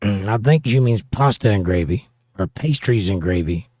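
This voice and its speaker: Reading his viewers' comments out loud, this American livestream host, middle-aged, trades playful jabs with combative energy. His voice is fairly low and dark-toned, expressive and at normal speed, captured at studio quality with no echo.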